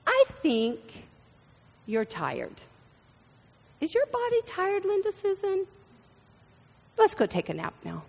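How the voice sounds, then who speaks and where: A woman voicing a cheerful mother coaxing a child, brisk and sing-song. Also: extremely high pitch, huge pitch swings, gravelly, darkish tone, voice pushed up, full character voice. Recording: reverberant hall.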